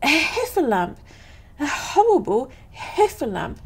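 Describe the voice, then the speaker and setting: A woman voicing a timid tiny piglet in a storybook, with squeaky, panicky cries. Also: sing-song, unhurried, heavily acted. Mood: panicked.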